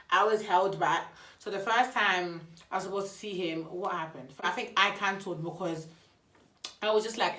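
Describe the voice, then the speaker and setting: A woman's voice: fairly low pitch, reverberant. A young woman, chattily telling a story and acting out the dialogue. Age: young adult. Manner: chatty, animated retelling with quoted dialogue. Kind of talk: casual storytime vlog.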